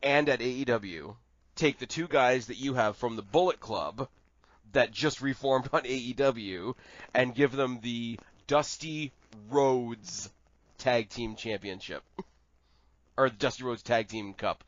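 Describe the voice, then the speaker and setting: A man co-hosting a podcast in casual wrestling chat, animated and rambling, swearing freely. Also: medium pitch, a little slow, no room sound, muffled recording. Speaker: podcast co-host.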